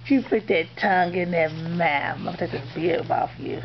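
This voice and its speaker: A woman's voice: lowish voice, animated, normal speed, creaky, hardly any pauses, a little hiss or hum. A woman filming a baby at home, cooing at the child in sing-song baby talk, on a dull lo-fi camcorder recording.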